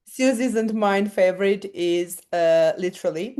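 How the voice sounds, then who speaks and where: A woman with an Armenian accent, an English teacher co-hosting a casual podcast, blunt and quick to laugh. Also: medium pitch, expressive, mellow. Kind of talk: casual chat.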